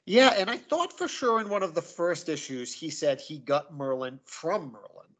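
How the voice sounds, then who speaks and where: A man's voice: mid-range voice, fairly bright tone. Thoughtful man guest on a podcast. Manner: thoughtful, many "like" and "um" fillers. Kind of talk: casual podcast discussion.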